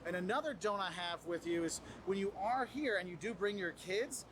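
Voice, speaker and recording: A man presenting travel tips in casual advice to the camera, animated and acting out what other people say. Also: high voice, normal speed, background noise. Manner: animated, acts out quoted people.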